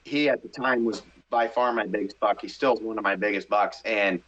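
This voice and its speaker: A middle-aged man from the Midwest telling a story in a casual interview, animated and excitable, acting out his own thoughts. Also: fairly low pitch, brisk. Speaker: hunting show host, podcast guest. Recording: slightly dull podcast audio.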